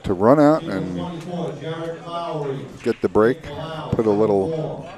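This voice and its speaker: A man commenting on a pool match in a relaxed, measured, analytical way. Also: on the low side, crowd noise. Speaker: color commentator.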